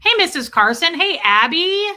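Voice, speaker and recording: A woman live streamer telling a story in a casual, animated way and breaking off to greet her chat viewers. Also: very high voice, moderate pace.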